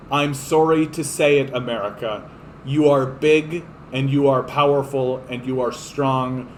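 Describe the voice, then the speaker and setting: A man's voice: medium pitch, a little hiss or hum, low-quality recording. Profane, ranting man. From Canada. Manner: impassioned, profane, repetitive. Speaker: livestream host. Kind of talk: ranting political livestream monologue.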